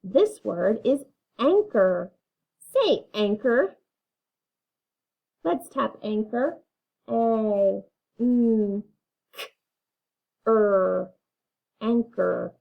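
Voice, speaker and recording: A woman's voice: medium pitch, gravelly, phone-quality sound. A woman teaching a phonics lesson, reading words and having learners repeat them patiently. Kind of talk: phonics lesson, slow and clear.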